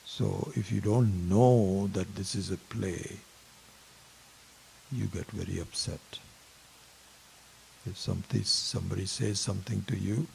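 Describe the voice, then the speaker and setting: A man teaching a Vedanta class, telling a story slowly with many pauses and fillers. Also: deep voice, vocal fry, darkish tone, a little hiss or hum. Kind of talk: spiritual lecture with story.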